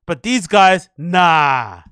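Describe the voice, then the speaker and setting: A man rants through his commentary, swearing freely and firing off sarcastic rhetorical questions. His voice is high and bright, and it sounds dry and close to the mic. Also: animated, extremely slow, clean tone, dry recording. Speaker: host. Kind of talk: ranting commentary on clips.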